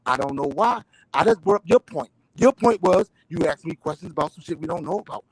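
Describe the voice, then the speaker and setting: A man's voice: a little high, expressive, a little fast, a little mellow, dry recording, low-quality recording. A middle-aged man in a heated boxing debate over a voice call, insistent, repeating his questions and swearing. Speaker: panel debater. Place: online voice call.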